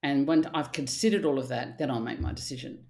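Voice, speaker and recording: A middle-aged woman, a therapist speaking in casual podcast chat, animated and blunt, with the odd swear word. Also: rumbling low, brisk, vocal fry. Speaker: archetypal therapist guest.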